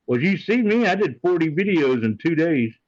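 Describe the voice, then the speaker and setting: Give me a relaxed, chatty man hosting a stream, on a slightly dull recording. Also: on the high side, normal speed, no echo. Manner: easygoing, chatty. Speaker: livestream host. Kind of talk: casual chat.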